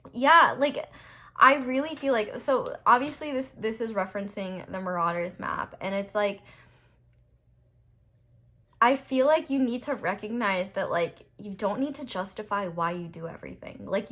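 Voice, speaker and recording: A woman's voice: medium pitch, sharp tone. A young woman giving a tarot reading, talking casually, bluntly and passionately, with lots of "like" and a fired-up edge. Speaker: tarot reader.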